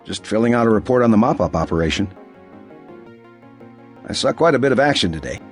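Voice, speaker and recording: Male actor as a wry paperwork-weary agent, lowish voice that moves a lot; game character. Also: expressive, a little fast, faint music behind, natural voice.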